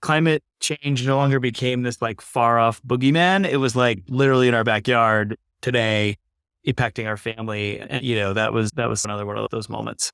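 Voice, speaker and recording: A man's voice: medium pitch, fairly even intonation, brisk, vocal fry, fairly bright tone, clear, resonant tone, no room sound, studio quality. A man in his thirties, an earnest and reflective podcast guest talking casually, often saying "like.". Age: 30s. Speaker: podcast guest, climate investor. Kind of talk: casual conversation.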